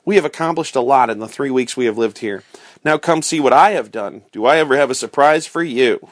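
A man reading as a calm pioneer mother. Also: medium pitch, a little fast, dry recording, studio quality, natural voice. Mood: gentle. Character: calm warm pioneer mother, adult woman.

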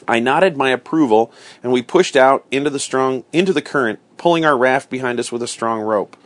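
A man reading a storybook aloud in a steady, expressive storytelling manner. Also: mid-range voice, brisk, no room sound. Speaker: reader.

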